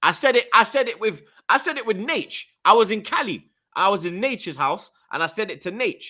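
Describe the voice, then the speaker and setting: A man's voice: sits high, expressive, fairly quick, pushed and bright. A man hosting a heated football panel, emphatic and repetitive, full of slang and swearing.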